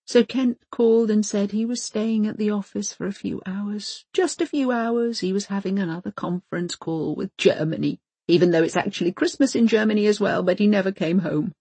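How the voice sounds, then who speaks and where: A woman's voice: mid-range voice, normal speed, few pauses, mellow, slightly rough, dry recording, voice pushed up. A woman reading an audiobook voices a prim, fussy older wife who speaks in precise, insistent, formal phrases. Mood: hurt.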